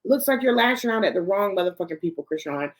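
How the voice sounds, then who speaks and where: A woman's voice: medium pitch, expressive, fast. A woman hosting a celebrity gossip show, ranting bluntly and profanely, talking straight to the people she discusses. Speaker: host.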